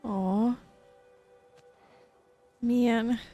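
A woman's voice: a little high, steady tone, very slow, mellow, soft background music. A woman streamer giving chatty, emotional let's play commentary, swearing freely as she reacts to the game. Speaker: gaming streamer.

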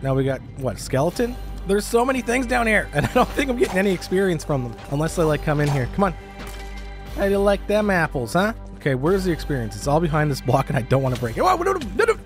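A man narrating and reacting live as a gaming YouTuber, excitable and quick to cry out in alarm. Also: on the high side, music in the background. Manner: excitable, lots of startled exclamations. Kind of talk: let's-play commentary with narration.

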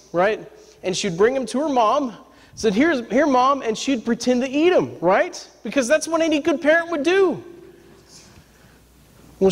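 A man preaching a sermon to his congregation in a church. He tells stories with humor and keeps checking in with the congregation by asking for an "amen". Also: sits high. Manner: lively, talks straight to the congregation with repeated "amen?" and "right?"; humorous, folksy storytelling. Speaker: pastor. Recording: long reverb from a large room.

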